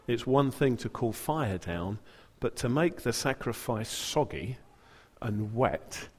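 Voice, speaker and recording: Man preaching, mid pitch, dramatic and wry, long hall reverb. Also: lively intonation, takes it slowly, darkish tone, breathy edge. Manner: dramatic, humorous storytelling. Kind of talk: sermon.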